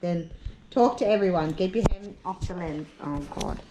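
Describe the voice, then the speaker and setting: A woman's voice: lowish voice, normal speed, noisy background. A young woman and mother filming a casual family vlog in a park, coaxing her toddler in a sing-song voice. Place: outdoors in a park. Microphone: handheld phone camera. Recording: background music over the voice.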